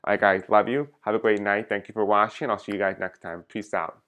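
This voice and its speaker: A man's voice: lowish voice, fairly even intonation, a little fast, a bit bright. A man talking casually to his viewers as a tarot reader, speaking directly to them. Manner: chatty, addresses viewers directly. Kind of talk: casual vlog talk to viewers.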